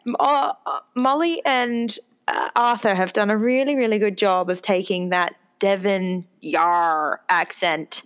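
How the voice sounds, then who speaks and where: A woman co-hosting a podcast in casual chat, animated and quick to agree. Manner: animated, jumps in pitch, eager agreement.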